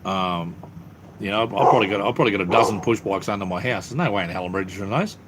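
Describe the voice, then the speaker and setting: Talking rapid-fire in a lowish voice, this livestream host is a middle-aged man with an Australian accent. He rambles casually with many ums from a cleared-out area beneath his house, and heavy background noise fills the clip.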